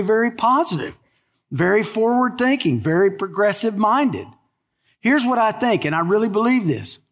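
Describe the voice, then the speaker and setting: High-voiced pastor preaching in a hall. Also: male voice, fairly bright tone. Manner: conversational storytelling preacher with emphatic stretched words. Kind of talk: sermon.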